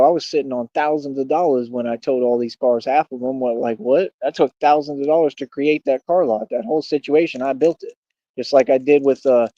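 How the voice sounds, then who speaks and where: A man's voice: mid-range voice, dark tone, no room sound, highs cut off. A man hosting a livestream, combatively mocking and taunting a rival in a heated rant. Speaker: livestream host.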